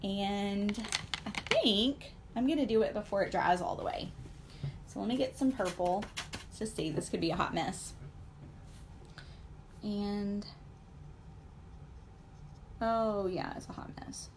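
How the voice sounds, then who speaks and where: A woman's voice: mid-range voice, takes it slowly, pauses often, background noise. A woman, in her forties, hosting a casual live stream while she paints, rambling with many fillers and asides to her viewers.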